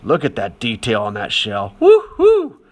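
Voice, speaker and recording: A man's voice: mid-range voice, normal speed, fairly bright tone. Male art teacher with a mid-range voice, chatty, easygoing voice-over. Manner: chatty and encouraging, lots of fillers. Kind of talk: casual voice-over demonstration.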